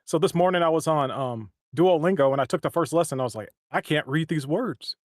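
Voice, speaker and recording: Rambling man with a higher voice. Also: brisk, no echo, studio quality. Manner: rambling, with many restarts. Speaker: voice actor and stream co-host. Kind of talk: casual chat.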